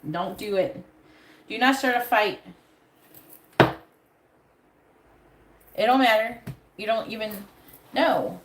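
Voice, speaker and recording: A woman's voice: a little high, slow, long pauses. A woman giving a live tarot reading, handing out blunt advice with plenty of swearing. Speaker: tarot reader. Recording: echoey room with faint background noise.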